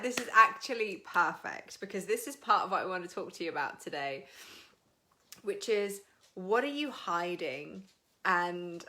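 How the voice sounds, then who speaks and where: A woman's voice: medium pitch, pushed and bright. A British woman hosting a casual live stream, chatting frankly, swearing freely and greeting viewers by name. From Britain.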